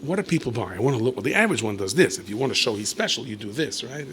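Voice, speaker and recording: Animated storytelling rabbi, bright voice. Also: male voice, medium pitch, racing, a little hiss or hum. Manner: animated, lapses into playful asides and acted dialogue. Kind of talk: storytelling lecture.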